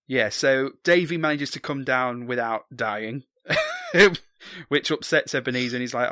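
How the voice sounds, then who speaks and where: A man's voice: medium pitch, huge pitch swings, measured pace, bright, forceful tone, dry recording, clean studio sound. Chatty man recapping a film. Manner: chatty, jokey, sweary, many ums. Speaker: podcast co-host. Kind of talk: casual film recap chat.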